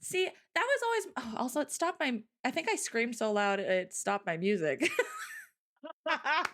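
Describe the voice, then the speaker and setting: A woman hosting a live stream, chatting casually, loud and laughing often. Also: fairly high pitch, very animated, a little slow. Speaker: streamer host.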